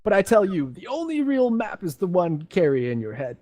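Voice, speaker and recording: A man voicing a cocky, gruff old male explorer with slow, bragging speech. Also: sits high, sing-song, warm tone, no room sound.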